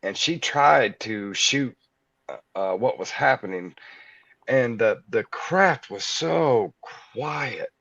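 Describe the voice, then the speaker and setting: A man guest telling a personal story in a halting way, with many fillers and restarts. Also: mid-range voice, expressive, creaky, a bit bright, no room sound, muffled recording.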